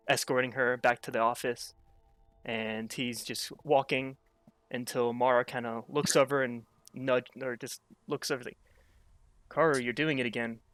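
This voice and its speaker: A man's voice: medium pitch, fairly even intonation, moderate pace, fairly bright tone, smooth, dry recording, soft background music. A man narrating a tabletop game as game master, in a loose, casual way full of hedges like "kinda". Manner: casual, full of fillers and restarts.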